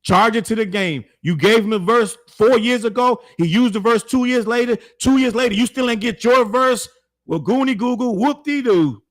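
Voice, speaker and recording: A man's voice: very high-pitched, moderate pace, few pauses. Blunt, heated man giving his hot take. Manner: blunt, heated, slangy, repeats points for emphasis. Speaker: show host. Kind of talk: opinionated commentary to camera.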